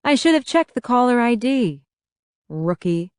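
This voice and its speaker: Woman reading a defensive, fed-up young woman in a lively, dry audiobook read. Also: a little high, unhurried, clean tone, dry recording, pitched above the performer's own voice. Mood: exasperated. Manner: defensive, exasperated. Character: exasperated young woman arguing with her mother.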